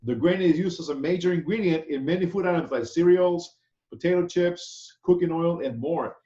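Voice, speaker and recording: A slightly high, warm male voice at normal speed belongs to a chef instructor leading an online class. His casual lecture style is loose and conversational, peppered with "okay?" check-ins. Heard through a video call, the sound is echoey and flat.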